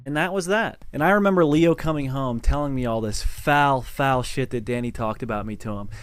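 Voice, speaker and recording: A man's voice: medium pitch, a little fast, smooth, no echo. A young man telling his side of a falling-out in an aggrieved, storytelling way. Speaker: YouTuber narrating his side. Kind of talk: video narration.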